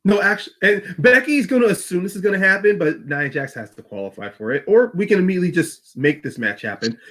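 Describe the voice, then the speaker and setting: A man hosting a casual podcast, his voice sitting somewhat high. He jumps between quick explanations and restarts as he plans out the show. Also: expressive, bright, forceful tone. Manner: talks fast, with restarts and fillers. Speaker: host.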